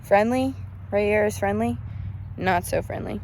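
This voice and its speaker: A woman's voice: medium pitch, a little slow, vocal fry, darkish tone, slight background noise. An eighteen-year-old woman chatting casually and rambling for her vlog, recorded outdoors in a cattle pen on a handheld phone. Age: young adult, eighteen. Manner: chatty, rambling, self-correcting. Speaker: hobby cattle keeper vlogger.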